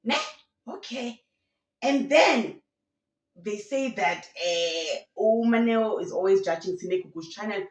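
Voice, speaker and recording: A woman telling gossip stories as a YouTube commentator, lively and full of local slang. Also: medium pitch, slow, distant mic. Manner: animated storytelling with laughs and local slang. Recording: roomy sound from away from the mic.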